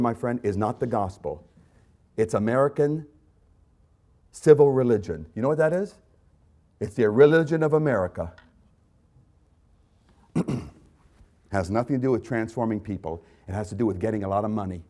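A man preaching a sermon with passion, repeating lines and swinging from loud outbursts to quiet, intense remarks. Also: on the low side, animated, moderate pace, pauses often. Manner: impassioned, repetitive, swings loud to soft. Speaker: pastor.

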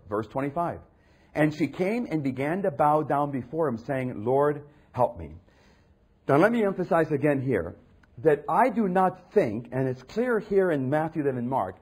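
A male pastor preaching with a husky, slightly raspy voice that sits a little high for a man. His delivery swings widely in pitch as he reads passages aloud and acts out the people in them. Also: darkish tone. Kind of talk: sermon.

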